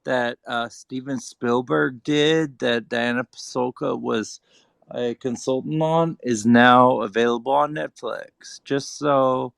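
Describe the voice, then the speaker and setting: Man with a gravelly voice, earnest casual chat, halting, dry sound. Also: medium pitch, fairly even intonation, a bit bright, dry recording. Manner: earnest, halting, many fillers. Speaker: group audio chat participant.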